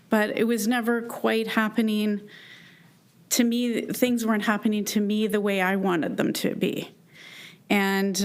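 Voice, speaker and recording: Speaking at medium pitch, a woman from Canada in her fifties delivers a personal keynote before a live audience. She's earnest and emotional, often stopping and restarting.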